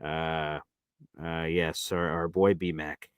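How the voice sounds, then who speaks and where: A man's voice: a bass voice, flat delivery, slow, clean tone, dry recording, clean studio sound. A man hosting a casual sports livestream, hyped up and calling his viewers "baby" as he reads off gifts. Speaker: livestream host.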